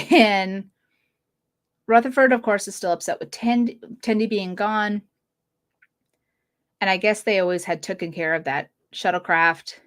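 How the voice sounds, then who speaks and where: A woman hosting a fan podcast, casually reviewing episodes with a chatty, giggly manner and quick quoted asides. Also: medium pitch. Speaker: podcast host.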